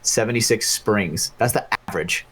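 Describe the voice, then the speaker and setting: A man's voice: on the low side, normal speed, background noise. A man co-hosting a casual podcast, earnest and upbeat as he urges people to enjoy life. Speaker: podcast co-host.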